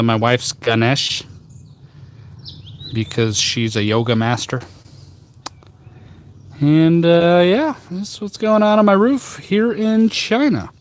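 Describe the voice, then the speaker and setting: A man hosting a casual tea live stream outdoors on a rooftop garden, chatting with viewers in a jokey, rambling, deadpan way with many fillers. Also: fairly high pitch. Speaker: tea livestream host.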